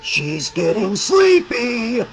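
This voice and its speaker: A man voicing a burned male dream killer who hisses and taunts in a drawn-out, sneering way. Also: very high voice, huge pitch swings, faint music behind, pitched above the performer's own voice, exaggerated voice. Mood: gleeful taunting.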